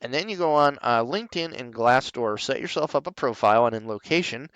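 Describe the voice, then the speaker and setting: A man chatting on a podcast, telling stories with a lot of swearing and quick voice switches for the people he quotes. His voice is smooth and clear, with a dry, close sound and no room echo. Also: medium pitch. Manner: profane, animated storyteller who acts out quoted people. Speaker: podcast host. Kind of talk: casual podcast chat.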